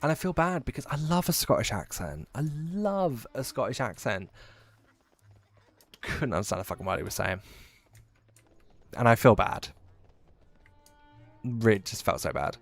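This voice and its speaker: A man's voice: mid-range voice, sing-song, normal speed, long pauses. A man from near London, chatting casually and rambling as he live-streams a game, swearing now and then. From England, near London.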